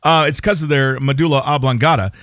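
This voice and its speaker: A man's voice: mid-range voice, quick pace, a bit bright, dry recording. Wry male radio host, dry sound. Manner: wry, joking asides, laughs mid-sentence. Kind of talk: casual radio banter, reading a news story.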